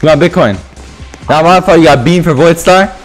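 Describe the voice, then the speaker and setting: A man giving animated gameplay commentary over voice chat, swinging between mumbled asides and loud yelling. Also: a little high, quick pace, soft background music. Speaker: gaming YouTuber.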